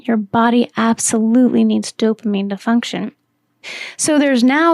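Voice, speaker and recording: Woman, podcast host, gravelly voice, fairly high pitch, enthusiastic casual explainer. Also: darkish tone, dry recording. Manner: enthusiastic, conversational with fillers.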